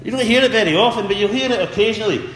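A man's voice: high-pitched, rapid-fire, a bit bright. A man preaching a sermon earnestly, repeating words and calling out for amens. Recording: echoey hall with faint ambience.

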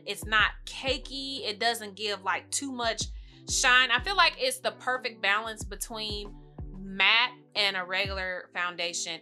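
Bright-voiced chatty woman vlogger. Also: mid-range voice. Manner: chatty, talks fast, laughs often. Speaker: beauty vlogger. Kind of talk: casual makeup tutorial.

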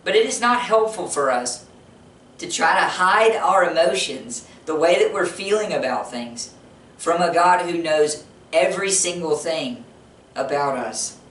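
A man's voice: a little high, animated, measured pace, fairly bright tone, a little hiss or hum. A man preaches a sermon with earnest conviction and often repeats key phrases to drive them home. His voice rings out through a roomy church sanctuary. He stands some distance from the microphone.

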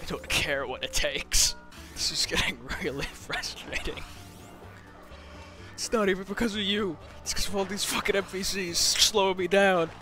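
A man's voice: high voice, normal speed, pushed and bright. A young man giving casual commentary while playing a racing game, cursing and laughing in frustration, sometimes slipping into mock-dramatic villain talk. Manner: frustrated, swearing, laughing often. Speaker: gamer commentator. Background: game music.

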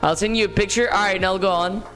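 A man's voice: sits high, steady tone, fast talker, a bit bright, faint music behind. A man hosting a live gaming stream, chatting casually in slang and greeting viewers by name. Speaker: livestream host. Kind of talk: casual gaming livestream chat.

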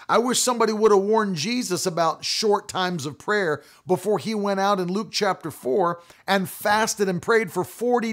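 An impassioned male preacher with a fairly high voice. He hammers his points through repetition and slows down on key phrases for weight, in a classic sermon delivery. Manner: emphatic, repeating key phrases.

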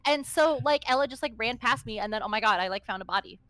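A woman's voice: fairly high pitch, lively intonation, fast talker, pushed and bright, no room sound. A woman voicing a bubbly, dramatic valley girl who fills every phrase with "like" and "totally" during online game chat. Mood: breathless gossip. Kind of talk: playful voice-chat role-play in a game.

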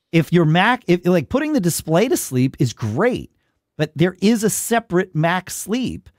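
Male tech-podcast host, lively and theatrical, mock-outraged, close dry studio sound. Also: medium pitch, no room sound. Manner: animated, mock-exasperated ranting. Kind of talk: casual tech podcast chat.

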